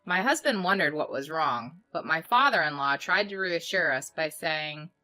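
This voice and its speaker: A woman narrating a story in the first person with steady recounting. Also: deep voice, moderate pace, few pauses, faint music behind.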